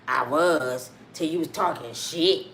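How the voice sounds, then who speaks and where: A woman putting on an older male president who grumbles at a former friend in a low, mumbling voice. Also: a little slow, a bit bright, echoey room, a little hiss or hum. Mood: aggrieved.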